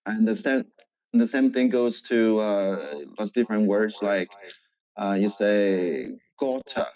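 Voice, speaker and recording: A man from northern China with a Chinese accent, a native Chinese speaker, talking as an interview guest; he is halting and often repeats words. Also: on the low side, dry recording, lo-fi sound. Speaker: interview guest, English teacher. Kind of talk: casual interview chat.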